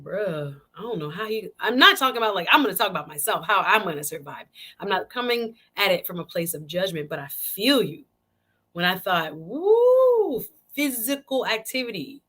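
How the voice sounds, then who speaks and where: A woman's voice: medium pitch, sharp tone. A woman hosting her own live-stream talk show, chatting casually and animatedly with viewers and often repeating phrases. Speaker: show host.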